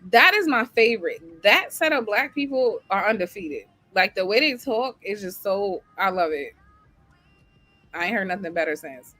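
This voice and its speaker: A woman hosting a casual chat, chatty and animated, often laughing. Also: medium pitch, moderate pace, soft background music. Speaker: host.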